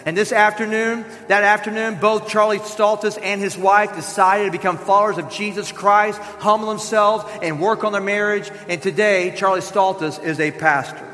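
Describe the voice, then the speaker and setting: A man's voice: sits high, moderate pace, few pauses, big-room sound. A man preaching a sermon as a pastor, telling a story animatedly and acting out the voices of the people in it. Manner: animated storyteller who acts out quoted voices. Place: church sanctuary.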